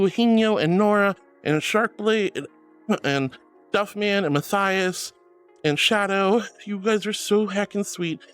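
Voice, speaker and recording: Woman, live streamer, gushing and giggly, soft sweet talk, mid pitch, faint background music. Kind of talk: casual live-stream chat.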